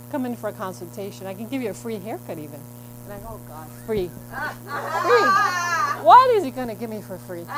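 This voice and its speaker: Middle-aged woman doing standup, rambly and chatty, voice jumps all over, a bit high, noisy hum behind. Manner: chatty, rambling storytelling with frequent restarts. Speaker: open mic comedian. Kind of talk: stand-up comedy set.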